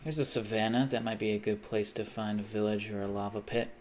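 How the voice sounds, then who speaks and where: A man's voice: fairly low pitch, steady tone, brisk, a little hiss or hum. Rambling, self-mocking male streamer. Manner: rambling, self-mocking, makes odd repeated mouth noises. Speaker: live streamer. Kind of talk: casual live-stream chat while gaming.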